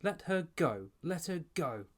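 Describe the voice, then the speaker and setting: Male reader playing a bratty seven-year-old girl, high and whining. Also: big pitch swings, unhurried, a bit bright, full character voice. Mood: upset, shrill. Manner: shrill and whining.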